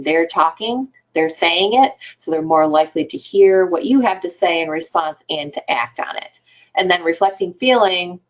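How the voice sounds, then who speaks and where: A woman presenting a webinar for adolescent health providers, explaining in a conversational way with some fillers. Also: deep voice. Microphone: computer mic on a webinar call. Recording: dull lo-fi webinar audio.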